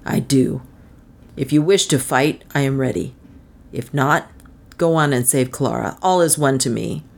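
A woman reading a story voices a fierce, jealous young man, speaking low, slow and cold. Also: creaky, full character voice.

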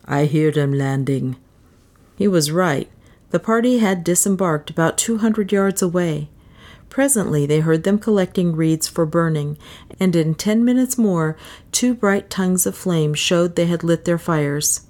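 A woman narrating an old adventure novel in a measured, steady storytelling voice. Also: fairly low pitch. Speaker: audiobook narrator. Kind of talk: scripted narration.

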